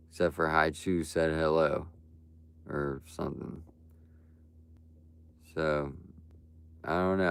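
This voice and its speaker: Deep, gravelly young male streamer. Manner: ranting, blunt and profane, frequent "bro" and "like". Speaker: livestreamer. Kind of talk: live stream talk to chat.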